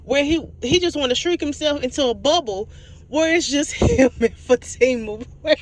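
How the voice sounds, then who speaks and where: A woman recapping a TV episode in a casual vlog, animated and storytelling, laughing often and apologizing for it. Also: high voice, moderate pace. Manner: giggly, keeps laughing and apologizing; animated storytelling, acts out quotes. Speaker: TV show reviewer.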